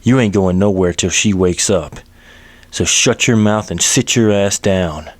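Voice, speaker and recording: A man voicing a tough, devoted cowboy with a gruff drawl. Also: low-pitched, unhurried, no echo. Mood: menacing. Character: tough, devoted young cowboy, protective husband.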